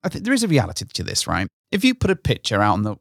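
A man's voice: fairly low pitch, wildly swooping pitch, very fast, gravelly, a bit bright, no room sound, clean studio sound. A British man co-hosting a podcast, talking casually and bluntly, swearing freely. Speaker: podcast co-host. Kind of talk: casual chat.

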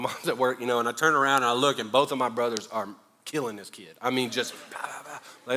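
A middle-aged man with a Southern accent preaching a sermon, animated and joking, swinging between loud and quiet. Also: medium pitch, rapid-fire, slight background noise. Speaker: pastor. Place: church sanctuary. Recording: long hall reverb.

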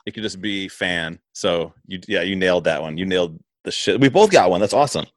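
A man's voice: low voice, lively intonation, brisk, no echo, clean studio sound. A man chatting casually, laid-back, laughing often and swearing, with stumbling restarts. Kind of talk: casual chat.

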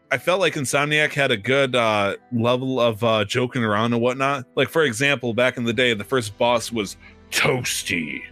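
Bright-voiced rambling man chatting casually. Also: mid-range voice. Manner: rambling, lots of fillers and restarts. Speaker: podcast co-host. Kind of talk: casual chat.

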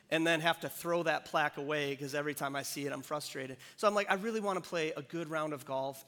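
A pastor giving a sermon, telling a self-deprecating personal story in a relaxed, conversational way. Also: male voice, a little high. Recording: long hall reverb.

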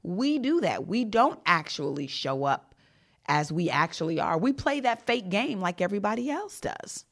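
A woman's voice: fairly low pitch, fairly bright tone. A woman hosting a motivational leadership podcast. She speaks emphatically, repeats her points and fires off rhetorical questions. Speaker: podcast host and leadership coach.

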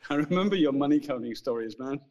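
A man who is a guest on a podcast, making dry deadpan quips in casual chat. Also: fairly high pitch, quick pace, muffled recording, crowd noise.

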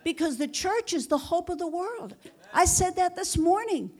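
A woman's voice: very high-pitched, lively intonation, normal speed, a little mellow. A woman pastor preaching a sermon, fervent and repetitive, with rhetorical questions and calls of "Amen?" to the congregation. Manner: repeats phrases for emphasis.

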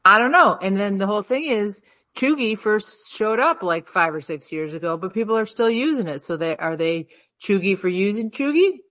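A woman's voice: medium pitch, expressive, moderate pace, a bit bright. A woman co-hosting a podcast in casual chat, musing aloud and questioning herself as she goes. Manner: musing, wandering, self-questioning. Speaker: podcast co-host.

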